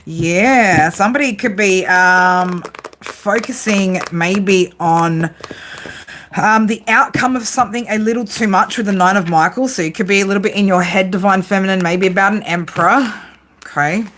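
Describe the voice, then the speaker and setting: A woman's voice: mid-range voice, normal speed, a bit bright, a little hiss or hum. A woman doing a casual live tarot reading, teasing her viewers and swearing freely as she talks through the cards. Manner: teasing, profane banter with viewers. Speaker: psychic tarot reader.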